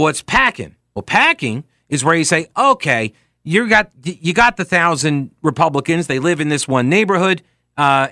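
A man hosts a political talk show in a slightly high voice. He talks casually with a sarcastic edge and drifts into asides as he reads listener messages. The sound is close and dry, with no room around it. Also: sharp tone, dry recording. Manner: sarcastic, conversational, with frequent asides. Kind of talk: casual political commentary and reading listener tweets.

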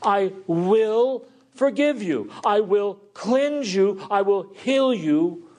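A man's voice: sits high, expressive, slow pace, darkish tone, pitched above the performer's own voice. A man voicing God, male, pleading earnestly and tenderly with sinners to come back to him.

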